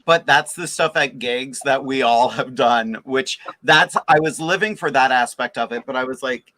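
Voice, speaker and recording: A man's voice: mid-range voice, moderate pace, pushed and bright, dry recording, low-quality recording. A man co-hosting a casual group chat, talking in an enthusiastic, chatty way. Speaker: podcast co-host.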